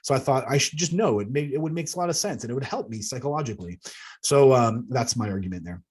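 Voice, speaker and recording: A man's voice: medium pitch, lively intonation, quick pace, a little mellow, husky. A man reading aloud from his own book about alien contact, earnest, with casual asides to the audience. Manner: earnest, breaks into laughs at himself. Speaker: author.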